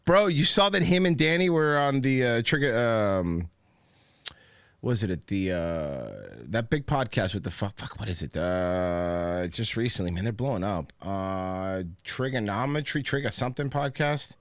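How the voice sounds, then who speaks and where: A man's voice: fairly low pitch, expressive, a little slow, no room sound. Loose, rambling male podcast host. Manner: rambling, profane, laughs often. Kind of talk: casual chat.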